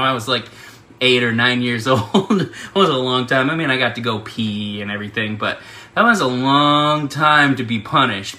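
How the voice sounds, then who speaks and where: Man, ministry leader, very bright tone, chatty storytelling, frequent laughs, casual fundraising talk. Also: medium pitch. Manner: chatty, laughs often, many fillers.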